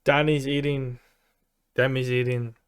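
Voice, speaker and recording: A man narrating as game master in a tabletop game, talking in a halting way with frequent restarts. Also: medium pitch, little pitch movement, clean tone, no room sound, studio quality.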